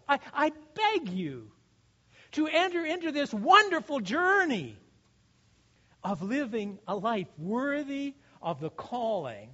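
Man, pastor's sermon, high voice, earnest, exhorting, stumbling restarts, dull lo-fi sound. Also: very animated, slow, sharp tone. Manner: earnest, exhorting, with rhetorical questions and frequent restarts.

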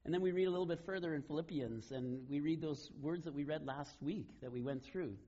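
A man preaching a sermon, retelling scripture stories in a relaxed, conversational way. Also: on the high side, a little fast, lo-fi sound. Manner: conversational storytelling, casual paraphrase of scripture. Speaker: pastor.

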